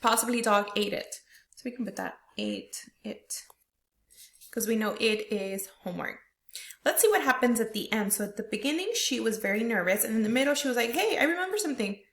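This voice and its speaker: Higher-voiced teacher in an echoey room. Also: female voice, fast, a bit bright. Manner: explains step by step, tags questions with "right?". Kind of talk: reading lesson walkthrough. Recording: roomy echo.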